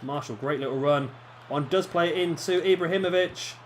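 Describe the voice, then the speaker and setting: Brisk and a little high-voiced, this young gaming commentator chats casually through a football video game, poking fun at himself and reacting out loud to the play. There is a slight hiss or hum in the recording.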